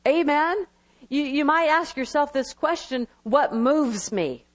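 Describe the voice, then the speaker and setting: A woman preaching a sermon, lively, with quick bursts and laughing asides. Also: high voice.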